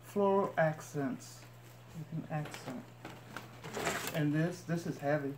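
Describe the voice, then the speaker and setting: A woman's voice: deep voice, takes it slowly. A woman vlogger chatting to her viewers as she unpacks boxes and shows each item. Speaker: couponing vlogger. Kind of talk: casual unboxing narration. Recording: echoey room with noise.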